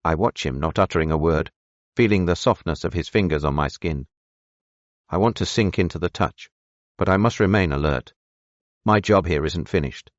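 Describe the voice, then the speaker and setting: A man narrating a romance audiobook in the first person, steady, measured and intimate. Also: low voice, no echo, highs cut off.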